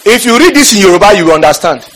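Man, preacher, sermon in church, high husky voice, bursts into shouting. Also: sing-song, rapid-fire, low-quality recording. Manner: fiery, shouts scripture, calls on the congregation.

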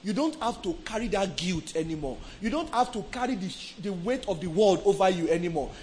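A man with a Nigerian accent preaching a sermon, emphatic, swinging from soft to loud and asking the crowd questions. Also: high voice, animated, fairly quick, a little hiss or hum, poor audio.

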